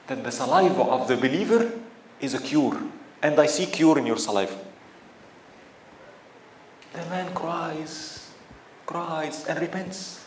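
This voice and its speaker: Storytelling preacher in an echoey room. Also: male voice, fairly high pitch, normal speed, long pauses, slight background noise. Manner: storytelling with rhetorical questions. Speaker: sheikh. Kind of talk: sermon. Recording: echoey room with faint ambience.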